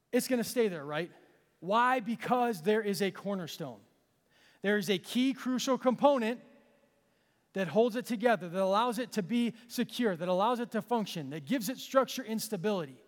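Male pastor, high voice, sermon delivery with dramatic pauses, long church reverb. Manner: self-deprecating, with dramatic pauses and emphatic repetition.

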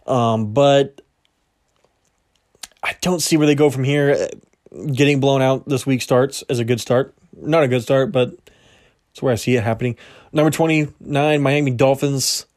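A man's voice: mid-range voice, fairly even intonation, a little slow, long pauses, darkish tone. Casual young man, slightly strained voice. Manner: casual, rambling, self-correcting, laughs at himself. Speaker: podcast host. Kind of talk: solo sports podcast power rankings.

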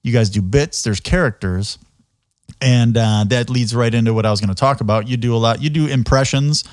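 A man's voice: medium pitch, brisk, clean tone, no echo, clean studio sound. A man hosting a casual interview, rambling through his questions and laughing a lot. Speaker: podcast host.

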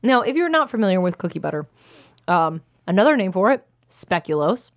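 A woman's voice: mid-range voice, big pitch swings, fairly quick. A woman co-hosting a podcast, chatting casually and laughing as she talks with her mouth full. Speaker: podcast co-host. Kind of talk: casual chat while tasting snacks. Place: small studio in a black box theater.

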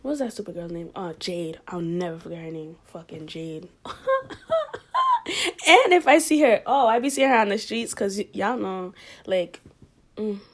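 A young woman telling a story in a casual, animated way, with lots of fillers and frequent laughter, sometimes dropping almost to a whisper. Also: medium pitch, moderate pace, long pauses.

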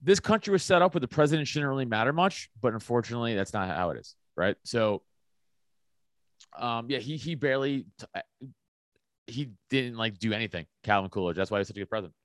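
A man's voice: mid-range voice, lively intonation, fast talker, no echo. A man, a stand-up comedian, chatting as a podcast guest, blunt and opinionated, often restarting his sentences. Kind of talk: casual podcast chat.

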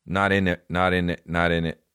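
A man with a very low, deep voice hosts a comedy podcast, rambling from one bit to the next. He swears freely and slips into quick impressions. The sound is dry and close, with no room around it. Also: level tone, a bit bright, smooth, no room sound. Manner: profane, riffing, jumps between bits and impressions.

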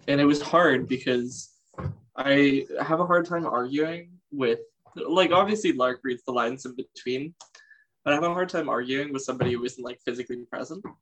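Man, mid pitch, quick, hesitant, fillers, casual chat. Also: fairly bright tone, rough recording. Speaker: voice actor on the show.

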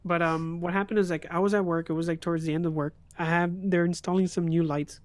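A young male streamer with a slightly high voice, talking casually on a stream. He tells stories with animation and laughs easily between lines. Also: fast, no echo. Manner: animated storyteller, laughs often. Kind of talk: casual chat.

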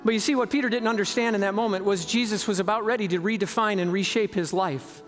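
A man preaching a sermon in a large church, telling a story dramatically and shifting between slow, stressed words and quick bursts. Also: high voice, fairly even intonation, soft background music. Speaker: pastor.

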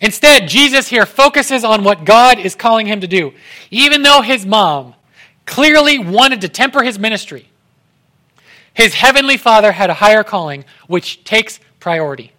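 A young man preaching a casual sermon in an animated way, acting out the voices of the people he quotes. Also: high-pitched, moderate pace.

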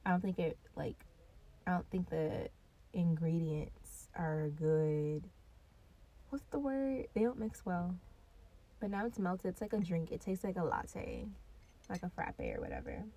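A woman in her twenties hosting a casual solo podcast, rambling along in a laid-back, giggly way while high, recorded on a built-in device mic instead of her proper one. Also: wildly swooping pitch, unhurried, dark tone. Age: 20s. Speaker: podcast host.

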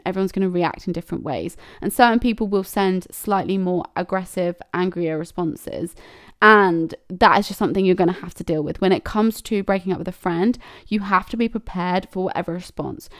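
A woman's voice: mid-range voice, clear, resonant tone, no echo, clean studio sound. Blunt, swearing woman giving advice. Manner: candid and blunt, swears freely, acts out quoted messages. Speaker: podcast host. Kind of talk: casual advice monologue.

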